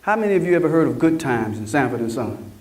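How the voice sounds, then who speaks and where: A middle-aged man from Mississippi gives an animated motivational talk and keeps checking in with his audience. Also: medium pitch, fast talker, far from the mic. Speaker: conference speaker. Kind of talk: motivational storytelling speech.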